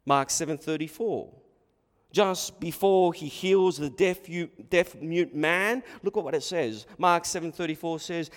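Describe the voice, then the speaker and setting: A male pastor delivers a sermon at an unhurried, deliberate pace, his voice sitting fairly high. He presses his points with rhetorical questions and repeated words. The sound carries a long, ringing hall reverb. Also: lively intonation.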